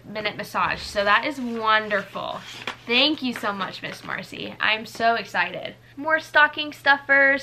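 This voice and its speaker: Bright-voiced young woman chatting a haul. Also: fairly high pitch. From United States. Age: 20s. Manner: chatty, gushing, rambling with fillers. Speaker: vlogger. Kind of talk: casual haul chat.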